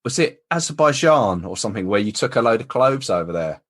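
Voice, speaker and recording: Low-voiced man prompting a guest. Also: sing-song, a little fast. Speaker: podcast host. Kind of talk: casual interview chat.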